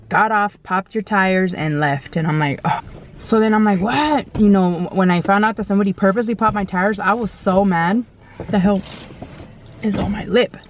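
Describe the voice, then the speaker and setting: Over a faint hiss or hum, a woman vlogger with a mid-range voice eats while recounting a story in a laid-back, straight-talking way, using slang and light cursing. Quoted lines get performed in a raised, exclamatory tone.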